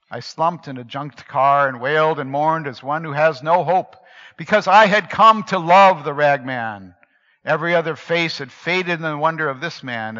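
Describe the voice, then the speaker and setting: A man tells a story aloud in a bright, sharp voice, shifting from near-whispers to emphatic swells. His reading is dramatic and expressive. The recording sounds muffled and lo-fi, with long reverb from a large hall. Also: a little high. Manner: expressive, swinging between hushed and emphatic.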